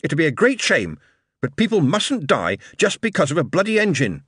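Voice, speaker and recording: A man's voice: mid-range voice, sing-song, moderate pace, a bit bright, no echo, clean studio sound, voice pushed up. A man voicing a glib, charming male showman who talks in a persuasive, theatrical, emphatic way. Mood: angry.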